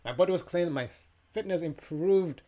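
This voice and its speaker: A young adult man speaks in a fairly high voice, recounting a personal experience as a motivational speaker. His delivery is animated, with sudden jumps in pitch and loudness, and he slips into other people's voices when he quotes them. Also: normal speed. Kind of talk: personal testimony monologue.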